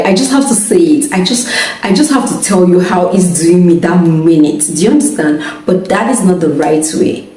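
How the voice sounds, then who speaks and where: A woman's voice: fairly low pitch, mellow. A young woman giving casual marriage advice. She checks in often with her listeners and laughs between points. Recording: echoey room, mic at a distance.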